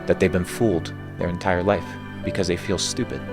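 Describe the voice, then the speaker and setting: Very deep-voiced blunt man. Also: flat delivery, a little fast. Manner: blunt, declarative short statements. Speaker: guest. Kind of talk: motivational talk. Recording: faint background music.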